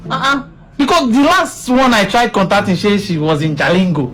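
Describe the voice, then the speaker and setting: A man's voice: high-pitched, moderate pace, over music. A man with a Nigerian accent acting in a comedy skit, complaining and puzzled.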